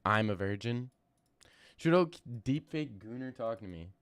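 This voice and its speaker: A man's voice: on the low side, animated, normal speed, clear, resonant tone, dry recording. A young man streaming and answering his chat in a joking, stammering banter, recorded close and dry. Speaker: streamer reacting to fight news and chat. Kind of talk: casual live-stream chat.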